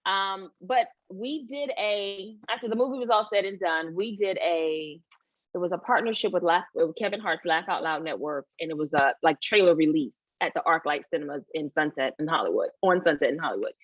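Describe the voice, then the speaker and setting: A woman telling stories in a relaxed interview, her pitch sitting low for a woman. She animates each anecdote, acting out quoted voices. The sound is dry and a little dull. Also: fairly quick, no room sound. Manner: animated storytelling, acts out quoted voices, laughs often. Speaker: actress, guest. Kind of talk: casual interview chat.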